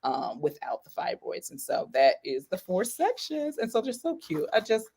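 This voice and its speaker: A woman's voice: mid-range voice, wildly swooping pitch, normal speed, mellow, husky. A woman guest on a video call interview, talking casually and rambling with many fillers and frequent laughs. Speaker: guest, author of a coloring book.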